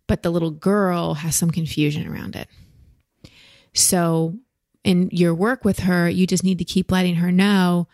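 A woman hosting a podcast, giving slow, gentle, reassuring emotional coaching to a guest. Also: on the low side, no echo, studio quality. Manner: gentle, slow, reassuring advice with soft laughs. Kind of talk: coaching conversation.

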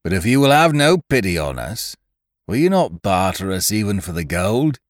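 A man's voice: on the low side, big pitch swings, normal speed, no room sound, studio quality. A man voicing a pleading male pirate mutineer who talks in a rustic sailor's dialect.

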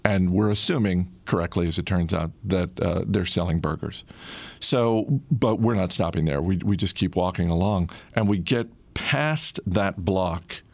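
Middle-aged male storyteller, low and gravelly, dry close sound, laid-back anecdote delivery. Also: unhurried, dry recording. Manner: relaxed, conversational, frequent "uh" fillers. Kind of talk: casual personal storytelling.

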